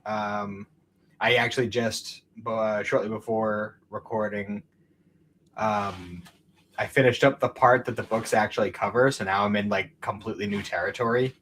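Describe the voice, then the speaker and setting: A man's voice: lowish voice, fairly even intonation, moderate pace, a bit bright, slight background noise. A man co-hosting a casual podcast chat, talking in a rambling way with plenty of fillers. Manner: chatty, rambling with many fillers. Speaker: podcast co-host.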